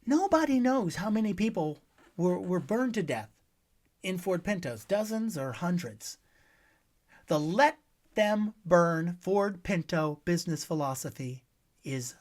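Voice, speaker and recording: Sarcastic and name-calling, this host's scripted political rant veers from booming outbursts to hushed asides, all in a very high voice.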